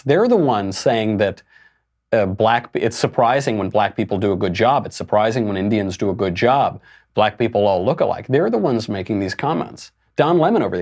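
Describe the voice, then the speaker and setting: A man's voice: on the low side, a little mellow. A man hosting a political commentary show, talking in a sarcastic, mocking way and laughing between his points. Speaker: host.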